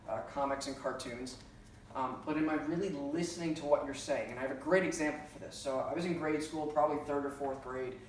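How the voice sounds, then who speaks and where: A man teaching a class for emergency dispatchers, talking casually with lots of fillers and stories. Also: a little high. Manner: conversational, uses many fillers and personal anecdotes. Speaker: trainer for 9-1-1 dispatchers. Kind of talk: classroom lecture. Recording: very echoey room, distant mic, faint hiss.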